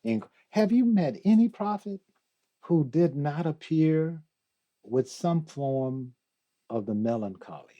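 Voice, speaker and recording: An older man as a guest in an interview, talking slowly and reflectively, reciting poetry and laughing often. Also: on the high side, animated, warm tone, highs cut off. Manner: slow, musing, quotes poetry, laughs often. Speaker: guest, theologian.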